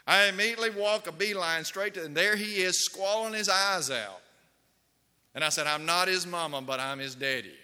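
A man's voice: high-pitched, lively intonation, normal speed, pushed and bright, clear, resonant tone. A man preaching a sermon, telling stories and putting questions to his congregation. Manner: storytelling, asks the congregation questions. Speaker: pastor. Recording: long hall reverb.

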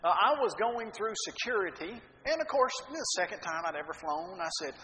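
Guy preaching, animated and joking at himself, echoey hall with faint hum behind. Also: sits high, brisk. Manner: animated, self-mocking storyteller. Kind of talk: sermon storytelling. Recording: dull echoey hall recording, faint ambience.

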